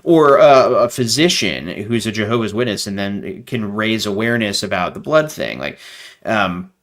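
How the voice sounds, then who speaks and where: A man talking as a guest in a casual interview over a video call, animated and rambling with lots of fillers. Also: fairly low pitch, normal speed.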